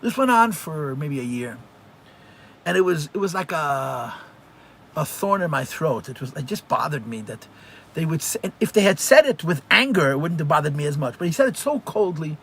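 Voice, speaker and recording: A man, a rabbi, teaching a live religious class and telling stories in an animated way, often repeating phrases for emphasis. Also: fairly high pitch, normal speed, a little hiss or hum.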